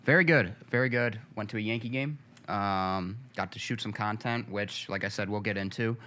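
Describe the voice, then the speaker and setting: Relaxed man with a low voice. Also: normal speed. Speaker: co-host. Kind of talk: casual chat.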